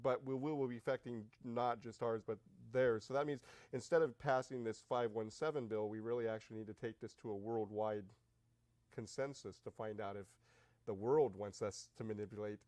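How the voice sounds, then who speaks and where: Excitable man hosting an interview. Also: on the low side, dry recording. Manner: excitable, laughs often, halting restarts. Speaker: guest host. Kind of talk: casual interview.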